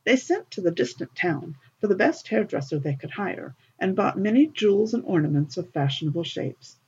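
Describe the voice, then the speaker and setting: A woman narrating a fairy tale in an expressive, lilting storybook reading, on a dull lo-fi recording. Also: on the low side, moderate pace, husky.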